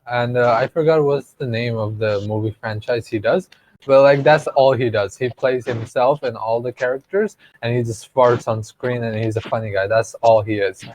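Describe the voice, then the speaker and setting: A man's voice: medium pitch, fairly even intonation, normal speed, darkish tone, highs cut off. A man co-hosting a podcast, rambling in casual chat, swearing freely and laughing often. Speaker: podcast co-host.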